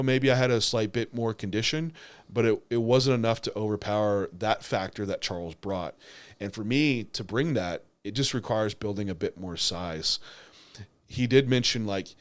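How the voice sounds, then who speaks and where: Low-voiced young man chatting casually. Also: normal speed. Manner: rambling, lots of filler words and restarts. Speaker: bodybuilder and podcast co-host. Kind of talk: casual podcast chat.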